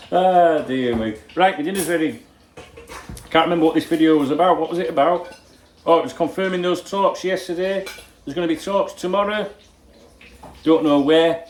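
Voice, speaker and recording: A man's voice: fairly high pitch, normal speed, pauses often, echoey room, a little hiss or hum, low-quality recording. An older man, casually reading out viewer comments in his kitchen, blunt and jokey with plenty of swearing. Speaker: football fan channel host. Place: home kitchen while cooking.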